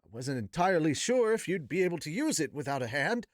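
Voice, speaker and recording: Man voicing a young prince, polite and formal, raised high and lively, dry close mic. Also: quick pace, no echo. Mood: earnest formal.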